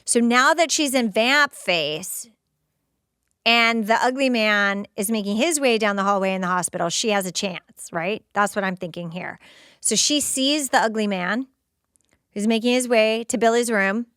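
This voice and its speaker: A woman podcast host giving excited, casual play-by-play commentary while rewatching a TV episode. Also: a little high, moderate pace, clear, resonant tone, no echo, studio quality. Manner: excited, gushing, narrating scenes as they happen.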